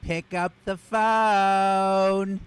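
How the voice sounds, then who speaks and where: A woman's voice: mid-range voice, fairly even intonation, very slow, clear, resonant tone. A man voicing a chatty, guilt-tripping mother leaving rambling voicemails. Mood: nagging. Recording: noisy video call audio.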